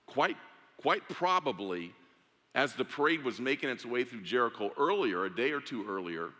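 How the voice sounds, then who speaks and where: A man's voice: medium pitch, sharp tone, in a large hall. A man preaching a sermon, telling a story with drama and acting out the voices of its characters. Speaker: pastor.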